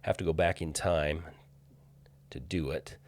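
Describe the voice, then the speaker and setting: A man with a very deep voice takes his time as he casually walks through filming locations during a screen share. He sounds hesitant, with many fillers and restarts.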